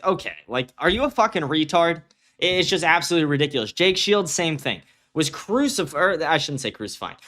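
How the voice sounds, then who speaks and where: A young man with a slightly high voice hosts a casual commentary stream. He talks bluntly and swears often. He rambles with frequent restarts and reads viewer comments aloud. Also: fairly bright tone. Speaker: livestream host.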